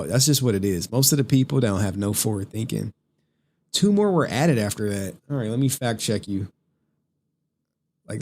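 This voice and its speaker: A man's voice: mid-range voice, darkish tone. Profane laughing male streamer. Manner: profane, laughing, rambling, reads super chats. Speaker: streamer host. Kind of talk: casual live-stream rant.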